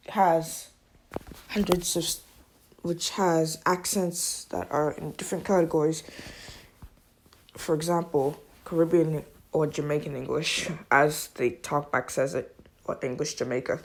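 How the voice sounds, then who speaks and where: A woman giving a casual spoken app review, talking in a halting, informal way and often restarting her sentences. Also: fairly low pitch, a little mellow.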